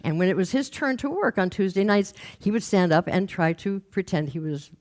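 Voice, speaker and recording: A woman from Los Angeles, a workshop leader, telling an anecdote from her groups in a lively way and mimicking the people she quotes. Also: mid-range voice, normal speed. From Los Angeles, United States. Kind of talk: anecdotal storytelling talk.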